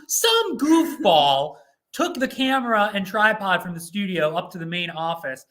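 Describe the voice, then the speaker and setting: A goofy, hyped-up young man co-hosting a casual livestream from an office studio. His voice sits high for a man and has a bright, forward edge. He jokes and riffs into a laptop mic. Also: big pitch swings, unhurried. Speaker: co-host.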